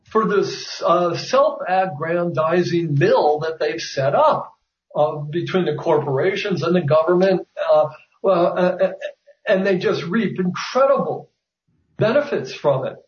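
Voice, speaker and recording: A slightly high-voiced man talks haltingly, full of ums and restarts, as an author in an interview. He sounds set back from the mic in a roomy space, and the audio is dull. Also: distant mic. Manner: hesitant, many fillers and restarts. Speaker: author guest. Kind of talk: conversational interview.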